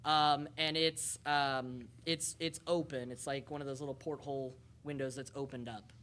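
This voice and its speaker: Bright-voiced woman game master. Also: a bass voice, steady tone, moderate pace. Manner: rambling, lots of ums and uhs. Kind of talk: narrating a tabletop game.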